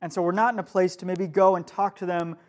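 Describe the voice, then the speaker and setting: This youth pastor, a young man, talks fast with fairly even intonation in a light, high-pitched voice. He leads a casual, conversational youth group sermon before a live room, stopping to ask questions of his listeners.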